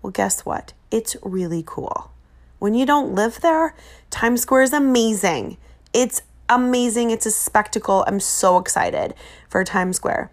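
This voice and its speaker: A woman's voice: fairly high pitch, expressive, a little slow. A woman, chatting on her podcast in a rambling way, full of fillers and self-corrections. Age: 40s. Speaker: podcast host. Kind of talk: casual chat.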